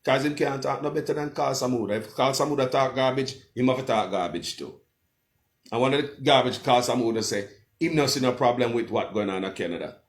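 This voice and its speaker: A man's voice: mid-range voice, a little fast. A man with a Jamaican accent, a blogger hosting a livestream, talking with passion and calling out to his viewers. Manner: impassioned, keeps calling out to viewers as people. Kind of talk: livestream commentary with a phone-in guest.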